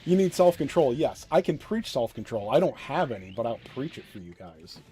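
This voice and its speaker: A man's voice: mid-range voice, big pitch swings, a little fast, dark tone, slight background noise. A man streaming a mobile game, talking bluntly in casual commentary, rambling with fillers and self-deprecating jokes. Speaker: gaming streamer.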